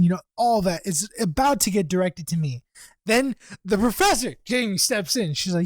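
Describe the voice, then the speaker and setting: Animated young man telling a story. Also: high-pitched, unhurried, dry recording. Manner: animated, profane, acts out quotes. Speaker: podcast co-host. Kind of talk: casual storytelling chat.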